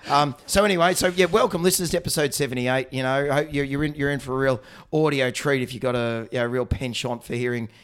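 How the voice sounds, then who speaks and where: An Australian man co-hosting a podcast as a vet, his voice hoarse and gravelly, rambling and joking with lots of fillers. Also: mid-range voice, quick pace, hardly any pauses, fairly bright tone. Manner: rambling, jokey, many fillers. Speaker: podcast co-host, veterinarian. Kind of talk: casual chat.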